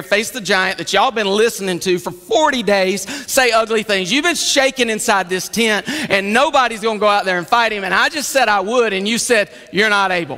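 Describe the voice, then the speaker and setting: Young shepherd kid, preacher puts him on, high and bright, hall reverb. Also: male voice, exaggerated voice. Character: young male shepherd David, eager and hurt.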